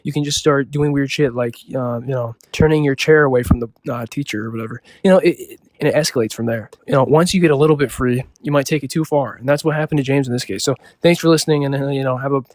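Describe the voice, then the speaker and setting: A young man spins a loose, improvised story in a mid-pitched voice, leaning constantly on "like" and "you know." The sound is dry and close, with no room echo. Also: quick pace, hardly any pauses. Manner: rambling, full of "like" and "you know" fillers, loose and offhand.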